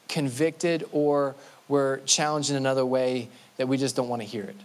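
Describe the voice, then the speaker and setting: A male pastor preaching a sermon in an earnest way, often repeating and restarting words and slowing down to stress quoted scripture. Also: medium pitch.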